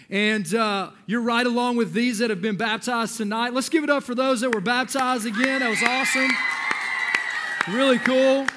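A man giving an energetic, joking youth sermon as a youth pastor, talking directly to the crowd. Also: extremely high pitch.

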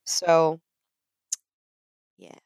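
A woman chatting casually, telling lively stories and acting out other people's voices. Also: drawn-out words, no echo. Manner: animated storyteller, acts out voices with laughter. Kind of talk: casual chat.

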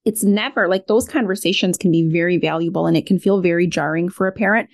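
A woman's voice: on the low side, fast, creaky. A middle-aged woman speaking as a parenting expert guest in a podcast interview, candid and reflective, often saying "like". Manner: reflective, candid, many filler "like"s.

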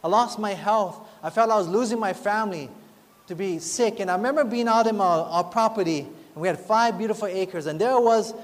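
A man's voice: sits high, brisk. A man preaching a sermon, telling his own story in an earnest, heartfelt way that rises into pleading. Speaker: pastor. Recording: long reverb, faint music behind.

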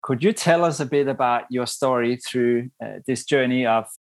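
A male podcast host introducing his guest and asking measured, prepared questions. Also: mid-range voice, no room sound. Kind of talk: interview introduction.

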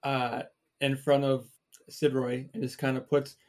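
Deliberate male player. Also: medium pitch, flat delivery, a little mellow. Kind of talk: casual tabletop play.

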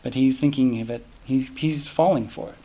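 A man's voice: medium pitch, brisk, gravelly, dark tone. A man teaching a scripture class in a casual, rambling way, often breaking off and restarting. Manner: rambling, self-interrupting, many fillers.

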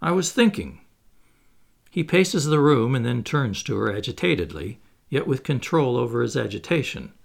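A man reading a stage play aloud, giving the stage directions in an expressive, theatrical way. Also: medium pitch, normal speed, creaky, few pauses. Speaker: reader.

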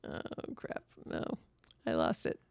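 A woman's voice: a little slow, no echo. Chatty woman with a dry sound. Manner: animated, laughs often, quotes scenes. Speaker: podcast co-host. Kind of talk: casual movie review chat.

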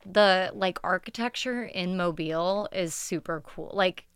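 A young woman in a relaxed conversational interview, her voice bright and very clean. She talks in a chatty, meandering way, laughing easily, and sounds close to the mic in a dry space with no room sound. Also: fairly low pitch, measured pace, smooth, dry recording. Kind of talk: casual interview chat.

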